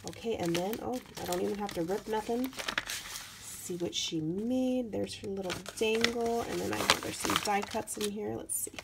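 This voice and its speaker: Gushing craft-vlogger woman, slightly hoarse and gravelly, talking over faint background hiss. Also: medium pitch. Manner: gushing, chatty, lots of "so cute" and "you guys". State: voice getting hoarse. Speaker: craft vlogger opening mail. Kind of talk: casual unboxing chat.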